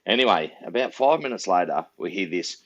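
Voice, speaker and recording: Lo-fi man, lively pitch. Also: brisk. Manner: rambling, repeats words, laughs often. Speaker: podcast co-host, police officer. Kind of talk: casual storytelling chat. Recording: dull lo-fi sound.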